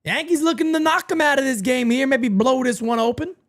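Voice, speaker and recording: A man hosting a live baseball watch party, giving casual play-by-play and reading a sponsor plug. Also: a little fast. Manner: animated, jumps between hype and low asides.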